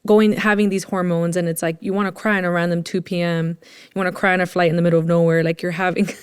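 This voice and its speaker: A woman host with a lowish, smooth, resonant voice talks earnestly in an affirming, supportive way. She sounds warm and engaged with her guest. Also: little pitch movement, quick pace. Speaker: podcast host. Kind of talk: supportive interview conversation.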